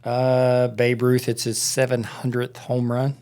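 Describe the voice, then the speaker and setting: Gravelly-voiced man telling stories. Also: mid-range voice, monotone, takes it slowly, a little mellow. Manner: rambling storyteller, lots of fillers. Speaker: podcast co-host. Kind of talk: casual chat. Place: studio.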